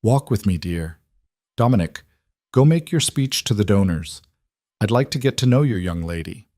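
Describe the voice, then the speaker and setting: A man's voice: lowish voice, animated, normal speed, mellow, no room sound, clean studio sound, natural voice. A man putting on a cultured older mafia matriarch with a faint Italian accent. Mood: cool, commanding. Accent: faint old Italian accent. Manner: cultured, refined, coolly probing. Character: poised elegant Italian-American mafia matriarch in her sixties.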